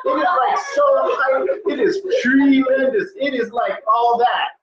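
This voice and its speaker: A man putting on a hyped-up British rapper with a fake accent, pitched high and raving in slang. The voice stays over the top. It echoes around the room, and the sound is dull and lo-fi. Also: sing-song, normal speed, a bit bright, recorded from a distance.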